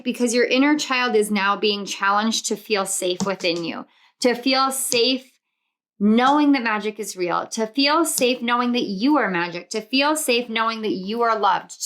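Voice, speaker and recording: A woman's voice: a little high, a bit bright. Earnest woman giving a tarot reading. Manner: earnest, reassuring, wanders into personal tangents; repeats affirmations in rhythmic lists. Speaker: tarot reader. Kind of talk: spiritual pick-a-card tarot reading.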